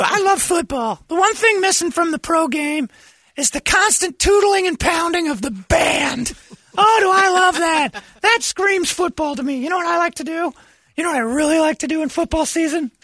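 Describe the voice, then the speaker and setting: A man playing a rowdy, shouty football superfan. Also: very high voice, lively intonation, moderate pace, dry recording, exaggerated voice. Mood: gleeful. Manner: rambling, shouty, crude non sequiturs. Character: excitable middle-aged male football superfan. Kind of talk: sketch comedy character.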